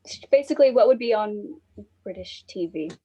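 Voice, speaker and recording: A woman's voice: medium pitch, expressive, moderate pace, dark tone, breathy edge, low-quality recording. A woman cast member answering a question on a video call, hesitant and searching for words. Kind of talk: casual answer in a Q&A.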